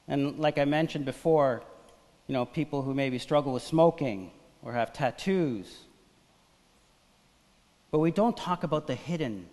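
A pastor preaching a sermon in an animated style, swinging between loud emphasis and quiet asides. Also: male voice, on the high side, big-room sound. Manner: animated preaching, acts out voices of biblical figures.

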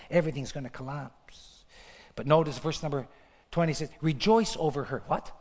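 A man preaching an impassioned sermon, swinging between loud bursts and hushed lines, often stammering and repeating words. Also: sits high, normal speed. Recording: long hall reverb.

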